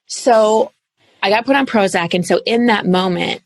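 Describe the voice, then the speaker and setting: A woman in her thirties, a coach speaking as an interview guest, telling her story in an earnest, animated way with casual fillers. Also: medium pitch, normal speed, no room sound. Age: 30s. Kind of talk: candid interview talk.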